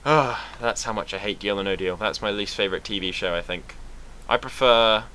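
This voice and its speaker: A young Englishman with a British accent rambles through a casual vlog, sarcastic and swearing freely. His voice sits fairly low yet sounds bright and forceful, with a faint hiss of background noise in the room. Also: fairly even intonation, fairly quick. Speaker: vlogger.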